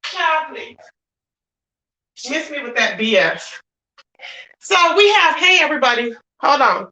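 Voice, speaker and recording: Woman with a high voice going off on a livestream, blunt and scolding, cusses a lot, keeps repeating herself. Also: sing-song, measured pace, pushed and bright, rough recording. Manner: blunt, scolding, heavy cursing, repeats phrases; breaks off to greet viewers. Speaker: livestream commentary host. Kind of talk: ranting livestream commentary.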